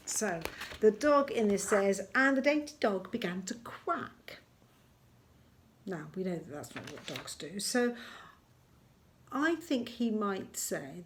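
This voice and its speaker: A woman teaching a recorded lesson to young children, gentle and encouraging, slowing down to spell out words as she writes them. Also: medium pitch, a little hiss or hum. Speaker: primary school teacher.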